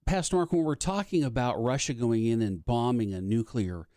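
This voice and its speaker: A man hosting a radio talk show, speaking in a measured, halting way with fillers. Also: medium pitch, mellow, no room sound, studio quality. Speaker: radio host.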